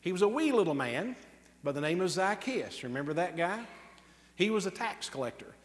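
Preacher man with a higher voice in a reverberant hall. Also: very animated. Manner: emphatic, with slow stressed words and quick asides. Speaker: pastor. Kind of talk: sermon.

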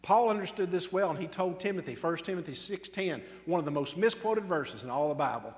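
A man preaching a sermon emphatically, drawing out key words slowly and tossing off quick asides. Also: fairly high pitch, expressive, in a large hall. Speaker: pastor.

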